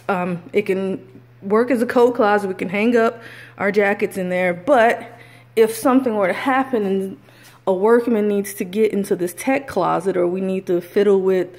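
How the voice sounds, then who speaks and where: A woman vlogger casually showing rooms of a house as she walks through, rambling with frequent fillers, speaking into a handheld camera. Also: medium pitch. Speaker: vlogger giving a house tour. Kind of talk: casual house tour narration. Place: inside a house, walking room to room.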